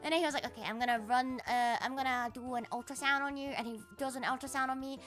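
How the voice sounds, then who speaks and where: Woman, high voice, bright and sharp, swearing streamer chat, faint music behind. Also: quick pace. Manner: profane, rambling, animated. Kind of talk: casual storytelling stream.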